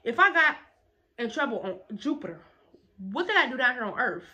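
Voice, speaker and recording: A woman vlogger telling a story to camera in a casual, animated, blunt and profane way, repeating phrases for emphasis. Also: on the high side, normal speed, muffled recording.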